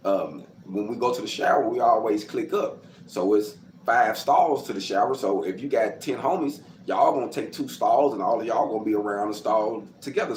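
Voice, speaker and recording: A man from Arkansas, casually telling his life story to camera, acting out quotes and sound effects and getting loud as he goes. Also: on the low side. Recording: roomy with faint background noise.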